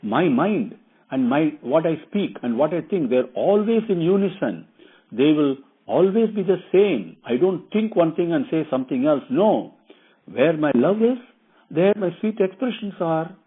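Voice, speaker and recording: A man voicing a gentle, bewildered king who earnestly pleads with his queen, with a husky voice. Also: a little high. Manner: earnest, imploring. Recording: tinny phone-like recording.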